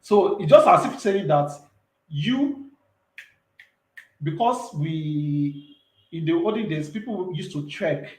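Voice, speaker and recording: Man, thirties, emphatic, repeats points, slightly high voice. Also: lively intonation, slow, long pauses, roomy sound, poor audio. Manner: earnest, emphatic, repeats himself. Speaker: entrepreneur guest. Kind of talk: casual interview talk.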